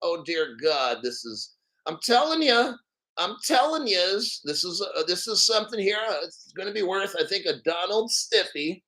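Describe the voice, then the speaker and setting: A man hosting a livestream, talking in an excitable, profane way that breaks into shouts. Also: sits high, moderate pace. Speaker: livestream host. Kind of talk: excited crypto livestream chat.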